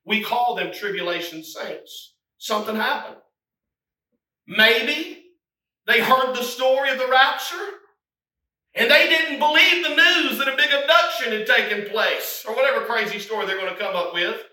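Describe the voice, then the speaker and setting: A man preaching a sermon, swinging from hushed, low passages to shouted, climbing appeals. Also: moderate pace. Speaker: pastor. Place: church sanctuary. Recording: echoey room, mic from a distance.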